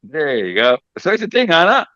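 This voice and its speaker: A man's voice: fairly high pitch, wildly swooping pitch, brisk, pushed and bright, dry recording, lo-fi sound. A man hosting a casual group chat with teenagers, teasing and reassuring them and often repeating himself. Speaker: mentor hosting a session with teenagers.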